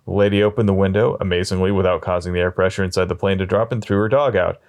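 Guy telling long pointless jokes, deadpan, slow pauses, kinda low voice. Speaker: storyteller.

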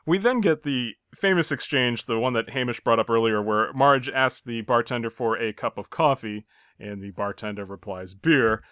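A man's voice: medium pitch, normal speed, a bit bright, clean tone, no room sound. Chatty man recapping a show, dry sound. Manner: chatty, recaps scenes with light laughter. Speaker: podcast co-host. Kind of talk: casual chat.

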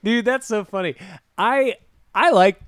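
A man's voice: sits high, unhurried, smooth. A young man co-hosting a casual album review podcast, laid-back, saying dude and like a lot and laughing easily. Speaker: podcast host.

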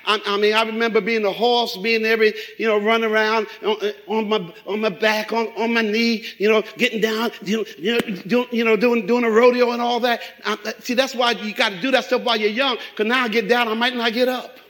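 A middle-aged man preaching a sermon, animated and acting out quoted voices. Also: high voice, brisk, hardly any pauses, poor audio. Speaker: pastor.

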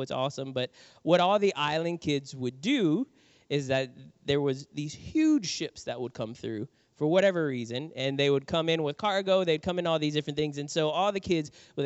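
A middle-aged man preaching a sermon, telling a personal story with animated acted-out quotes. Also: fairly high pitch, smooth, dry recording, dull audio. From New Orleans, USA. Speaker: pastor.

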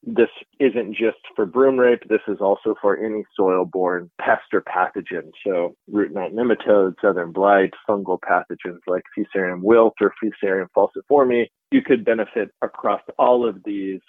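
A man's voice: on the low side, fairly even intonation, moderate pace, few pauses, dry recording. Man explaining over a phone line. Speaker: research institute director. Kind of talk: interview clip. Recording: phone-line interview audio.

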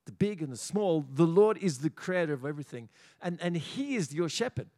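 An Australian man preaching a sermon as pastor in a church, animated and often repeating small words as he builds his points. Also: on the high side, brisk. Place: church auditorium.

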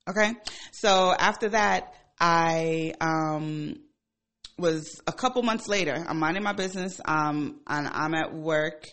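Animated, profane woman telling a story. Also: takes it slowly. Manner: animated and profane, with emphatic swings in pitch and loudness. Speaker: radio show host. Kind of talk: casual storytelling monologue.

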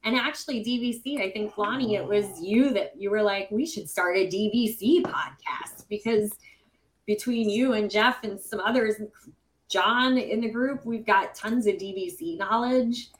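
A woman co-hosting a podcast, telling stories in a chatty, animated way. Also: mid-range voice, normal speed, poor audio. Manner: chatty, animated storytelling with laughs. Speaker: podcast co-host. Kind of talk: casual chat.

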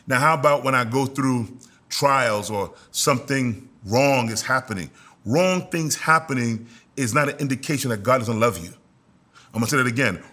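A man of middle pitch preaches a sermon as pastor, drawing his listeners into call-and-response. He stretches out important words for weight and climbs into loud, high-pitched exhortation. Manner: slows down to stress key words.

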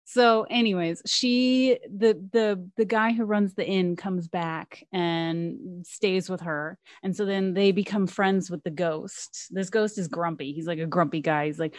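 A woman's voice: lowish voice, a little slow, few pauses, dry recording. Young woman telling a story, close dry mic. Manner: animated storytelling with acted-out quotes. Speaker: podcast co-host. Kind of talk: casual chat.

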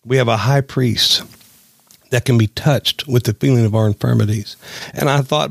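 A middle-aged man delivers a sermon, mixing scripture with plain, down-home storytelling and casual asides. His voice sits at an ordinary pitch for a man. The recording is dry, with no room sound around him. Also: fairly even intonation, normal speed, gravelly, no echo. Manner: earnest storytelling with folksy asides. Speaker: preacher.

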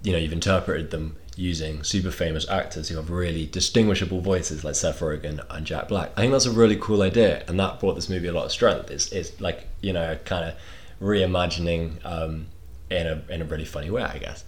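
A man's voice: low voice, fairly even intonation, fairly quick, hardly any pauses. A man chatting casually as co-host, dropping wry joking asides. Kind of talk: casual chat.

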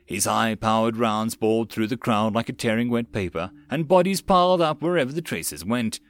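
A man reading a web novel audiobook in a plain, steady narrating manner with occasional slips. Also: mid-range voice, moderate pace.

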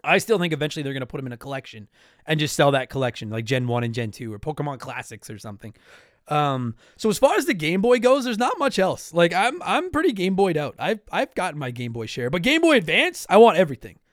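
A young Canadian podcast host works through listener mail in a casual chat, his high, lively voice jumping all over the place at a quick pace. He rambles, restarts sentences and keeps apologizing. The sound is close and dry, with no room around it and no echo.

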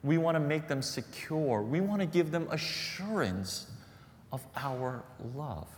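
Male pastor, earnest sermon, animated pitch, long echo of a big hall. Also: measured pace, slight background noise. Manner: earnest storytelling preacher, repeats phrases for emphasis.

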